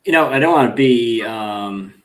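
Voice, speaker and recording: A man's voice: mid-range voice, animated, normal speed, fairly bright tone. A man appearing as a podcast guest, making wry jokes in a casual panel discussion. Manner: wry, joking, laughs into his remarks.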